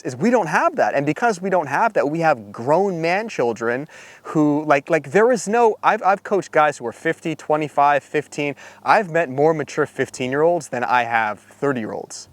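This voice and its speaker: Animated, preachy man with many fillers. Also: on the high side, dry recording. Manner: animated, lots of fillers and rhetorical asides. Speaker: Christian men's coach. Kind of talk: casual preachy talk to camera.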